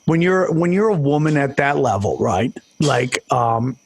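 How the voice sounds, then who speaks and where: A man's voice: mid-range voice, lively intonation, a little slow, background noise. A man guesting on a podcast as a comedian, talking casually and bluntly with lots of slang. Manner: blunt, slangy, says "dude" a lot.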